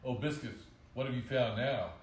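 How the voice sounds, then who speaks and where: A man reading aloud and voicing a cheerful little girl who talks to her puppy in a bright, coaxing storybook voice, in a roomy room. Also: medium pitch, normal speed, slight background noise, natural voice. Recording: roomy echoey recording.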